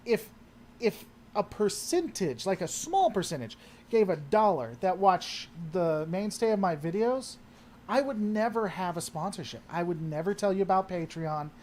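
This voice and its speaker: A man's voice: sits high, expressive, normal speed, darkish tone, slight background noise. Rambling man chatting on a livestream. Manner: rambling, trails off and restarts mid-sentence. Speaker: livestream host answering chat. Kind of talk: casual livestream chat.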